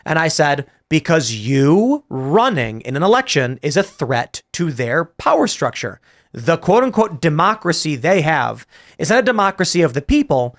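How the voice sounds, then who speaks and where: A man's voice: fairly high pitch, very animated, normal speed. A man hosting a political talk show, chatting casually and arguing his points with animation and frequent restarts. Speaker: podcast host.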